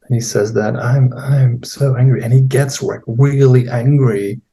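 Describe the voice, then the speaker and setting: Gravelly, mellow-voiced male therapist. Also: mid-range voice, fairly even intonation. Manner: unhurried, searching for words, acting out his own and a client's lines. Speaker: therapy trainer, guest. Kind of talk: recounting a therapy case in conversation.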